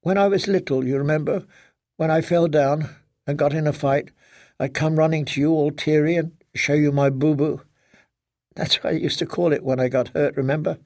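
A man's voice: a little high, steady tone, normal speed, darkish tone, no room sound, studio quality, close to an everyday voice. A man voicing a frightened grown daughter in an audiobook, speaking in a pleading, tremulous way. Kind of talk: audiobook character voice.

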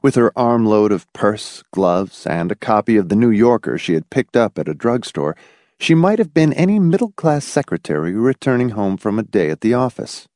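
Expressive male audiobook narrator. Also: lowish voice, normal speed, dry recording, studio quality. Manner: expressive storyteller, voicing several characters. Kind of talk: scripted narration.

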